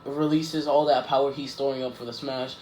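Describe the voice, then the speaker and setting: A man casually improvising a fan story out loud, rambling and correcting himself as he goes. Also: mid-range voice, level tone, brisk. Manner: rambling, self-correcting, lots of "like" and "um". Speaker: YouTuber telling a fan story. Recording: echoey room with faint background noise.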